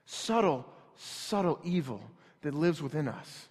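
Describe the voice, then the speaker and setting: A man's voice: a little high, normal speed. A man in his thirties preaching a sermon in a church, telling a story in an earnest, conversational way. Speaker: pastor. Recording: long hall reverb.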